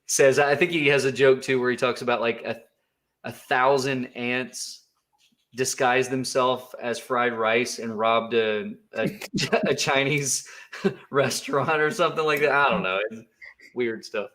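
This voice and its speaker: A man's voice: mid-range voice, fairly even intonation, a little slow, fairly bright tone. A man co-hosting a livestream, talking casually and rambling, with frequent laughter and filler words. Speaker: livestream co-host.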